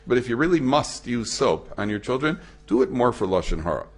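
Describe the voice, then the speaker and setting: A man's voice: big pitch swings, fairly quick, faint music behind. A man, a rabbi, giving a conversational talk to an audience, acting out the people in his stories and mixing Hebrew and Yiddish terms into his speech. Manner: storytelling, acts out quoted voices with big pitch swings. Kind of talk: lecture to an audience. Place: hall at a memorial event.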